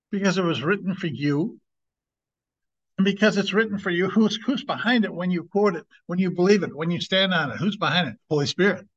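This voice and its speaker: A fairly high-voiced man preaches in a loose, conversational way, leaning hard on key words and drawing them out. The sound is dull and lo-fi, as if taped on modest gear. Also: a bit bright. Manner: emphatic, conversational, drawn-out slow stresses. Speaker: evangelist, teacher. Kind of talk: informal sermon. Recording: dull lo-fi recording.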